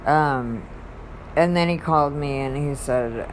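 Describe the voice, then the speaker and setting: Low, slow-speaking woman rambling. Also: background noise. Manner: rambling, halting, restarts mid-thought. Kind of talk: casual faith talk.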